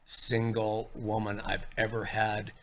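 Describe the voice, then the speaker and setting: Gravelly, emotional middle-aged man confessing. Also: monotone, slow pace. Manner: earnest, self-reproaching, voice swings from low murmur to loud. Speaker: interview guest.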